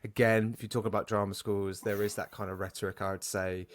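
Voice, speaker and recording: A man's voice: on the low side, little pitch movement, brisk. A man from the UK hosting a podcast, earnest and reflective, speaking in long flowing sentences. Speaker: podcast host. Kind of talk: casual interview chat.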